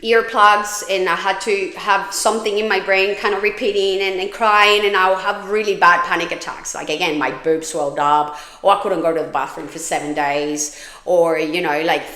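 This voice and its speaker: A woman's voice: on the low side, steady tone, normal speed, sharp tone, echoey room. A woman hosting a podcast, telling her own story in a frank, candid way, swearing freely and often restarting her sentences. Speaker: podcast host.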